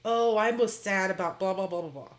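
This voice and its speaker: A woman's voice: medium pitch, a little fast. A woman co-hosting a podcast in casual chat, explaining ideas with psychology terms. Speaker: podcast co-host.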